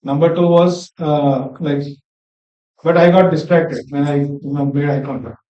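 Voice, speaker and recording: A man's voice: on the high side, fairly even intonation, a little slow. Young guy sharing tips, lots of likes and uhs, sounds far off and muffled. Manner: hesitant, many fillers. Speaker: workshop participant. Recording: dull, roomy sound from far off the mic.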